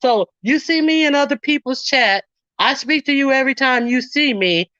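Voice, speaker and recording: A woman's voice: high voice, expressive, moderate pace, sharp tone, no room sound, highs cut off. A woman giving casual ranting commentary, indignantly retelling online arguments and acting out what others said. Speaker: commentary streamer.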